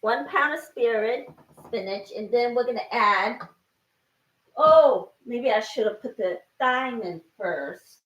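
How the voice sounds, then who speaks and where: A woman's voice: on the high side, lively intonation, takes it slowly, a bit bright, roomy sound, far from the mic, highs cut off. A woman cooking at home, talking herself through each step with lots of exclamations while her eyes water from chopping. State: teary-eyed from chopping. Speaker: home cook. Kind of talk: casual cooking narration. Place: home kitchen.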